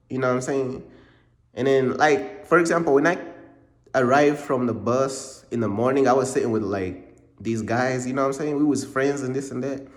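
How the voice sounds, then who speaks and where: A young man from Uganda telling a casual storytime in a slangy, repetitive way, dropping in "bro" all the time. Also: medium pitch. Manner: slangy, repeats points, drops in "bro" often. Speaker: vlogger. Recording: roomy echo.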